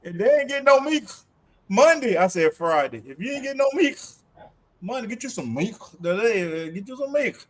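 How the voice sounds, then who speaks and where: A middle-aged man co-hosting a casual livestream, telling animated stories from home, laughing often and acting out quotes. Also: very high voice, moderate pace. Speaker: livestream co-host. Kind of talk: casual chat.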